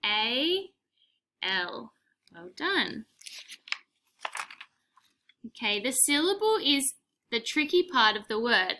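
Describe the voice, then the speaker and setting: A young woman teaching spelling to small children, talking slowly and clearly. Her voice is bright and sits fairly high, full of praise and gentle prompts. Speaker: primary school teacher.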